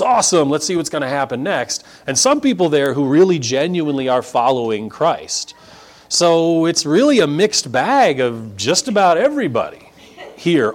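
A middle-aged man preaching a sermon as pastor, acting out voices and dropping to quiet asides. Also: medium pitch. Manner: animated, acts out crowd voices, drops to quiet asides.

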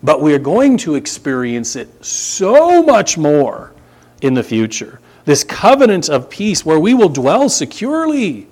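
Male pastor delivering a sermon with animated, expressive delivery. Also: on the high side, a little slow. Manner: animated preaching with scripture reading.

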